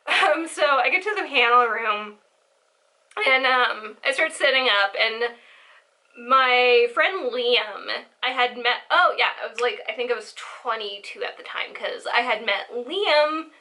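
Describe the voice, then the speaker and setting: Giggly chatty girl in her 20s, high bright voice, rambles on telling a story. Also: unhurried. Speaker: vlogger. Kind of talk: casual storytelling.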